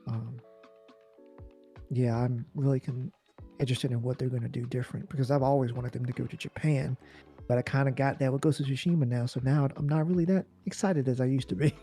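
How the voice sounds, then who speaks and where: A man with a mellow, dark-toned voice chats loosely on a gaming show, leaning on fillers and laughing along. Faint music plays underneath. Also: mid-range voice, fairly even intonation, fairly quick, breathy edge. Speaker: co-host of a gaming news show. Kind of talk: casual chat.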